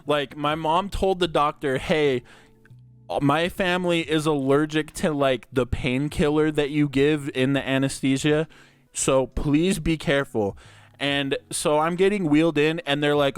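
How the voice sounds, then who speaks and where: A man's voice: on the high side, normal speed, clean tone, dry recording. A young man hosting a podcast, telling stories in a crude, laid-back way that is full of "like" and swearing. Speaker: podcast host. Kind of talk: casual storytelling chat.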